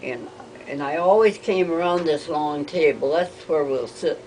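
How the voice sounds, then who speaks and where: An older woman telling rambling family stories, halting with frequent restarts. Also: deep voice, darkish tone, a little hiss or hum, poor audio. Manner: hesitant, halting, with many restarts. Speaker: interviewee.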